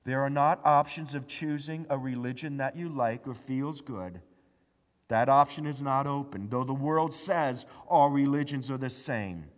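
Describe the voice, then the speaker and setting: A man preaching a sermon, swinging between hushed low phrases and loud emphatic lines, drawing out the scripture he quotes. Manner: slow, deliberate delivery with drawn-out scripture quotes. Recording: long hall reverb.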